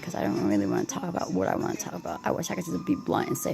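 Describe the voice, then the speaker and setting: A woman talking to her camera at home in a rambling late-night vlog, tired and anxious, halting and restarting often with many fillers. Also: fairly low pitch, very animated, gravelly, over music, rough recording. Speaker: vlogger.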